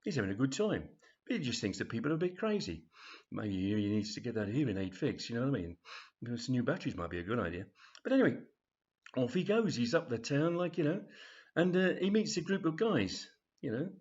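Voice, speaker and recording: A man's voice: medium pitch, very animated, brisk, a little mellow, breathy edge, lo-fi sound. A man telling a comic story in a rambling, chatty way with many fillers. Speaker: author reading his story. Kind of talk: storytelling reading.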